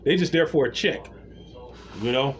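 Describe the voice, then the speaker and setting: A man telling a story in a casual rant, blunt and slangy, with lively retellings. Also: medium pitch, moderate pace.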